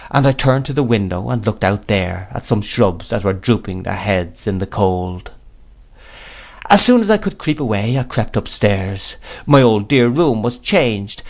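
Man reading a classic novel aloud. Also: mid-range voice. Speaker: narrator. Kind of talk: audiobook reading.

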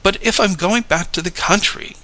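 A woman's voice: medium pitch, normal speed, a bit bright, pitched above the performer's own voice, natural voice, poor audio. A man reading aloud and voicing a shy, flustered young country woman in a raised, hesitant voice.

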